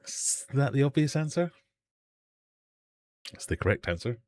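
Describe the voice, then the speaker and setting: A man's voice: mid-range voice, sing-song, measured pace, darkish tone. A man hosting a casual live stream from his fish room, rambling and self-deprecating as he chats and runs a quiz. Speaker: host of a live fishkeeping hangout stream.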